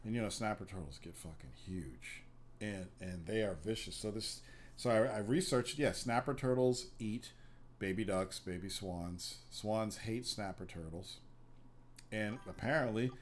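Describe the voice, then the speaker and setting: A man's voice: lowish voice, unhurried, a little hiss or hum. A man hosting a podcast, telling long rambling stories in casual, profane chat. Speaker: podcast host.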